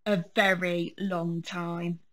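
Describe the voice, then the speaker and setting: A woman voicing a calm, patient mother bear in a storybook. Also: lowish voice, slow pace, voice pushed down.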